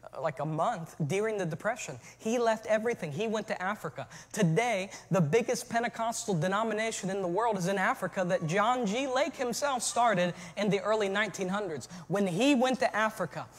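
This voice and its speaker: A man preaching a sermon as pastor, moving from relaxed storytelling to shouted calls to his church. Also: high voice, fairly quick, few pauses, in a large hall.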